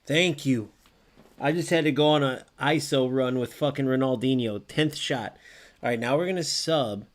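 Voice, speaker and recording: A young man streaming a football video game, reacting loudly to plays, swearing often and answering viewers in chat. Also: mid-range voice, normal speed. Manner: chats with live viewers by name. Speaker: gaming streamer. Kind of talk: live gameplay commentary.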